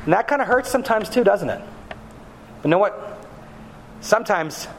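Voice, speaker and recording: A man pastor preaching, reading scripture aloud and then speaking gently to children. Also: a little high, slight background noise.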